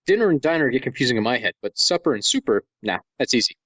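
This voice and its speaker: Animated rambling man from Wisconsin. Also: medium pitch, fast talker, breathy edge, no echo, muffled recording. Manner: rambling, animated, shouts excited bits. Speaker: podcast co-host. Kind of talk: casual comedic chat.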